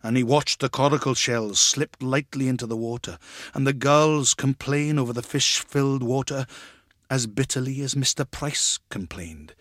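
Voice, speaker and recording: A man reads a story aloud with expression, slipping into the voices of its characters. His pitch sits in the middle range. The recording is dry and close. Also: normal speed, a bit bright, no room sound. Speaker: reader. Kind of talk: dramatic reading of a story.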